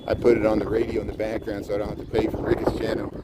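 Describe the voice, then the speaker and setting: Rapid-fire and monotone, his fairly low voice carries the jokes as this vlogger wanders a city zoo's outdoor farm, chatting to camera and addressing the animals. Birds, traffic and general outdoor street noise fill the background.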